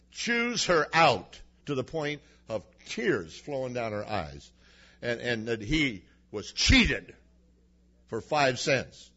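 A man's voice: mid-range voice, fairly bright tone. A male preacher giving a sermon to a congregation, telling personal stories in a folksy, humorous way. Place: church before a congregation. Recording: dull lo-fi recording.

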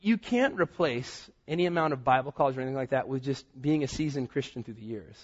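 A pastor in his thirties preaches a sermon in a mid-range voice, speaking fast and animatedly. He tells personal stories and acts out what people said, on a lo-fi recording.

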